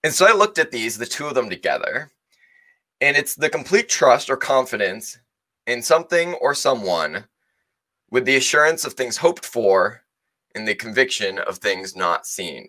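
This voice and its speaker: A man's voice: mid-range voice, pushed and bright. A man giving a sermon in a casual, conversational way, often hedging and restarting his sentences. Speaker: preacher.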